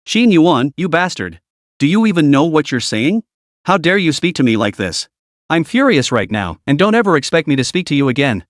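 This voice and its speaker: A spoiled young woman snaps shrill, haughty commands in an animated, lively voice, as a male narrator puts her on. The reading is dry and close, with no room sound around it. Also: normal speed, no echo. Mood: haughty, indignant.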